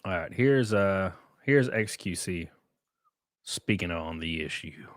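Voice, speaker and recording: A man's voice: low-pitched, slow pace, no room sound, studio quality. A man chatting casually on a live stream, rambling and joking as he reads chat and reacts to clips. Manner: rambling, joking, lively asides.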